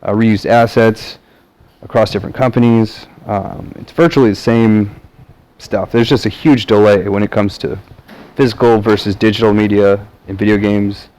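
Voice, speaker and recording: A man's voice: on the low side, level tone, normal speed, a little mellow, low-quality recording. A man from the American South talking to camera in a rambling, casual monologue full of fillers and restarts. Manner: meandering, many fillers and restarts. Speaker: vlogger.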